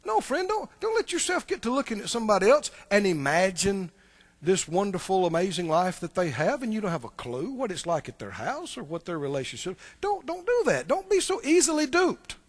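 A man's voice: sits high, huge pitch swings, a little fast, dry recording. A man preaching a sermon, emphatic and repetitive, speaking directly to the congregation. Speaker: pastor.

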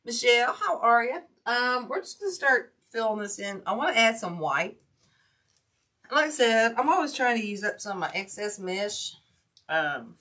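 A woman's voice: mid-range voice, pushed and bright, slight background noise. An older woman from Ohio hosting a casual craft livestream, chatty and folksy, greeting viewers by name. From Ohio, USA. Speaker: wreath-making livestream host.

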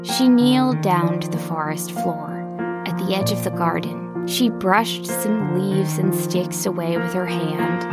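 Brief: woman storyteller, gentle and slow, slightly gravelly, over soft music. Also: fairly low pitch. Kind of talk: scripted narration.

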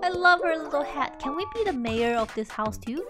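A woman playing a cute farming game, commenting with bubbly, gushing excitement and often speaking of herself in the third person. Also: high-pitched, moderate pace, over music. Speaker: gaming YouTuber. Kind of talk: let's play commentary.

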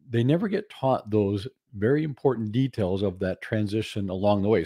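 A man's voice: fairly low pitch, mellow, no echo, clean studio sound. A man giving a lecture presentation as a guest speaker, laying out numbered points with humour. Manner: humorous, lists numbered points.

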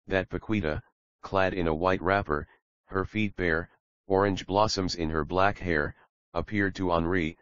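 A man reads classic prose as an audiobook narrator, measured and even. His voice is very low. The sound is dry and close, with a slightly dull, muffled tone. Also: no echo. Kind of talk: scripted narration.

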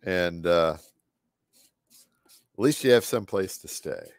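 A man's voice: low voice, lively intonation, slow pace, gravelly, no room sound, studio quality. A man with a scratchy voice chatting casually as he paints on a live stream, often muttering to himself and trailing off mid-sentence. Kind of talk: rambling live-stream chat while painting.

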